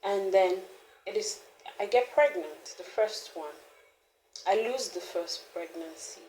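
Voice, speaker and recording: Woman guest, candid storyteller, laughs often, lively delivery, mid-pitched, roomy echo. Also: slow pace, slight background noise. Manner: animated, laughs often, trails off and restarts. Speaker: founder of a mothering community, interview guest.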